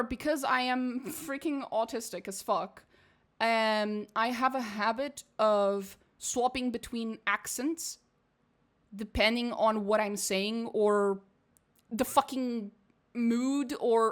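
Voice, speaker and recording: A woman from Portugal streams casual game commentary in English. Her accent drifts between posh British and American, and her voice sits a little high. She reads game text aloud and rambles with plenty of swearing. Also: unhurried. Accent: mixed British and American English.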